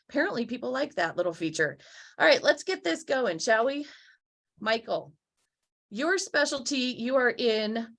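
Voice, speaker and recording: Upbeat, teasing woman host, a touch high, casual interview chat. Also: a bit bright. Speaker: podcast host.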